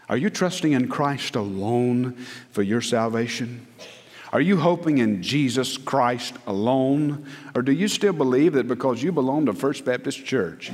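A man preaching a sermon as pastor, emphatic, surging to loud peaks and dropping to hushed lines. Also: medium pitch. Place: church sanctuary. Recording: long church hall reverb.

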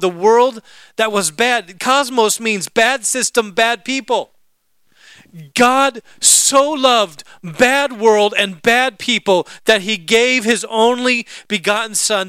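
A male pastor preaching a sermon in a conversational, joking way, slowing down to stress scripture. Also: sits high, sharp tone, clear, resonant tone, dry recording.

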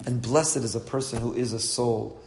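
A man's voice: medium pitch, steady tone, moderate pace, roomy sound, background noise. An older man giving an earnest sermon as a rabbi. He mixes in Hebrew and Yiddish terms and builds to impassioned pleading.

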